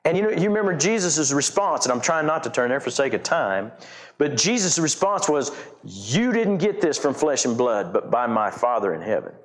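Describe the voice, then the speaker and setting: Man, middle-aged pastor, conversational sermon, repeats and restarts, mid-pitched voice. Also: big pitch swings, moderate pace. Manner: conversational preaching with many restarts and repetitions.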